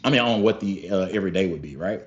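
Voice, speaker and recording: Animated young man telling a story. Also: deep voice, fast. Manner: animated, profane, keeps addressing viewers as y'all. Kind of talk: casual storytelling to camera. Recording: slightly dull lo-fi sound with faint music.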